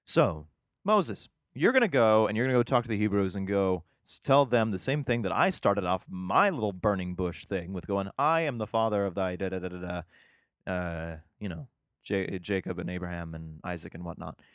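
A man's voice: sits low, lively intonation, moderate pace, no echo, studio quality. A man casually reading scripture aloud and breaking off into sarcastic, swearing commentary. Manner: sarcastic, swears, reads in mock-solemn King James cadence.

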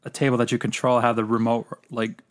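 A man's voice: medium pitch, flat delivery, fairly quick. A man co-hosting a casual movie review chat, cracking dry sarcastic jokes with lots of filler words.

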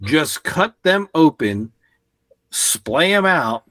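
A man in casual podcast chat, talking animatedly and swearing often, acting out quotes with sudden shouts. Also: a little high, big pitch swings, drawn-out words.

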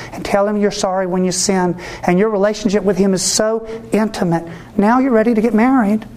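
A man who is a Catholic priest, giving a sermon-style talk to ministry workers in an animated way, acting out the voices he quotes and often asking listeners whether they follow. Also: sits high. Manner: asks the audience for agreement.

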